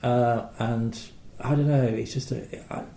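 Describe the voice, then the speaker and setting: A man's voice: medium pitch, fairly even intonation, gravelly, dark tone. Rambling man in an echoey room. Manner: rambling, halting, with many fillers. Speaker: podcast co-host. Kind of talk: casual chat.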